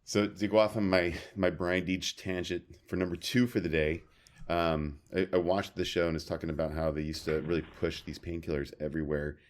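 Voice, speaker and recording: A man's voice: low-pitched, little pitch movement, a little fast. A man co-hosting a podcast, telling stories in a loose, rambling way. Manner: rambling storyteller, many fillers and restarts. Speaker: podcast co-host. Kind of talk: casual chat.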